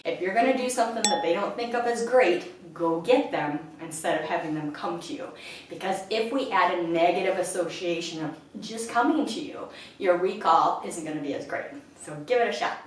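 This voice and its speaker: A woman dog trainer giving an instructional lesson indoors at home, breaking into a high sing-song voice to praise the dog. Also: fairly quick, a little hiss or hum. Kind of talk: instructional talk to camera. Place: indoors in a house. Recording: echoey room, mic at a distance.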